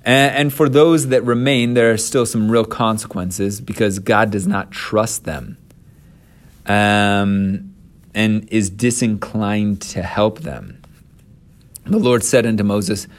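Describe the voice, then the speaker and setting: A man's voice: lowish voice, slow pace. Slangy man teaching scripture. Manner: slangy, animated, conversational. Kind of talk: casual scripture commentary.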